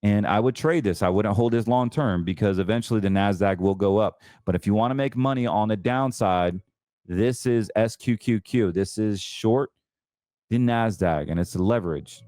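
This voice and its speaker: A man hosting a financial talk show, chatting casually and excitably about trades, often stumbling and restarting his sentences. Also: lowish voice, normal speed, no echo, studio quality. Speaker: host.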